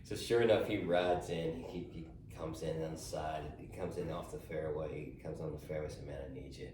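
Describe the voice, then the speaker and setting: A middle-aged caddie with a deep, low voice tells stories in a loose, halting way, often stumbling over repeated words. He sits some distance from the mic in a roomy, echoing space, and a faint hiss of background noise runs under his voice. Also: fairly even intonation. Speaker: golf caddie. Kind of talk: casual storytelling interview.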